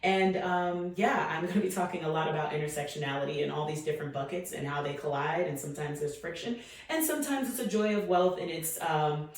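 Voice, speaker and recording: A woman guest talks in a relaxed, casual way, often affirming and using fillers. Her voice is low-pitched and rings around a very echoey room. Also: brisk. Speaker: podcast guest, military veteran. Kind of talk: casual podcast chat.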